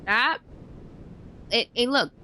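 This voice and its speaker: A woman co-hosting a let's play, animated and joking as she comments. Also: on the high side, takes it slowly. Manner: animated, jokey. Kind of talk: casual gameplay commentary.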